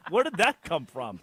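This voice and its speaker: A young man with a mid-range voice hosts a sports radio talk show, animated and joking, mimicking people with put-on voices as he goes. The recording is dry.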